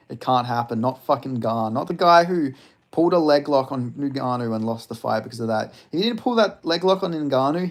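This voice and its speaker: Streamer: a man with a creaky, gravelly voice, profane and rambling, reading chat aloud. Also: medium pitch. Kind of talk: casual live-stream chat.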